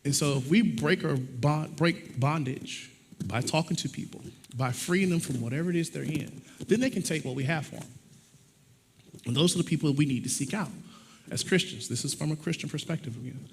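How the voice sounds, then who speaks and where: Folksy preacher in a reverberant church. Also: male voice, on the high side, moderate pace. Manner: folksy, acts out little dialogues. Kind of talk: conversational sermon with props. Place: church sanctuary. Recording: long hall reverb, faint noise.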